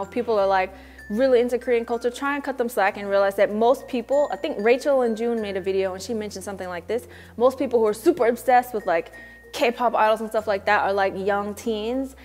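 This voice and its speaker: A young American woman vlogging casually to camera, chatty and slangy, mimicking people she quotes. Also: a little high. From United States. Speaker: vlogger living in Korea. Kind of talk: casual vlog talk to camera.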